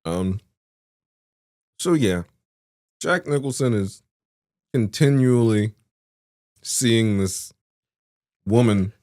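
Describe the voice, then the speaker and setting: A man's voice: fairly low pitch, animated, very slow, long pauses, a little mellow, no room sound, clean studio sound. A man co-hosting a podcast, rambling through a movie review with tangents and frequent laughter. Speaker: podcast co-host. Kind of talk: casual chat, movie review.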